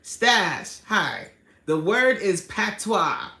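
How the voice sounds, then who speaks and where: Woman, livestream host, animated slangy chat, bright forceful voice, roomy echo. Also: on the low side, unhurried. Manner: animated and chatty, laughs a lot, slangy street talk. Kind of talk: casual live chat, reading out viewer comments. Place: indoor room at home.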